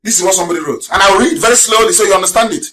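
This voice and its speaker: A man hosting a live radio broadcast, firing rhetorical questions, mocking his critics and breaking into shouts. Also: high-pitched, very fast. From Nigeria. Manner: scornful, mocking. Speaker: broadcast host.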